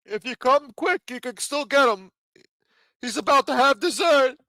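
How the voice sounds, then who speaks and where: A man putting on a sly, high voice as a tipster who teases the listeners with news. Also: lively intonation, moderate pace, pushed and bright, dry recording, full character voice. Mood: teasing. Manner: teasing, conspiratorial.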